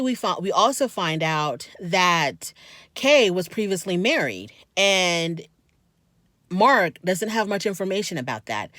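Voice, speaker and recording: A woman's voice: fairly low pitch, fairly bright tone, dry recording, studio quality. A woman hosting a casual recap of a reality TV episode, chatty and opinionated, talking straight to her viewers. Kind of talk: casual commentary.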